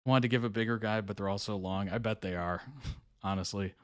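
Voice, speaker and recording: A man's voice: fairly low pitch, steady tone, a little fast, clean tone. A man hosting a live reaction video, reading on-screen text aloud and chatting casually about it.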